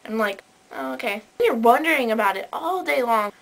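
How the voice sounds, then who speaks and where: A woman's voice: on the high side, animated, a little fast, poor audio. A teenage girl complaining to camera, acting out both sides of the conversations she describes. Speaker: vlogger. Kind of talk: casual rant to camera.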